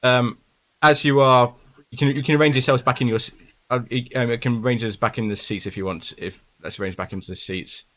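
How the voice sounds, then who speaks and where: A man's voice: mid-range voice, steady tone, fairly quick, fairly bright tone. A man running a tabletop horror game as game master, narrating casually with frequent ums.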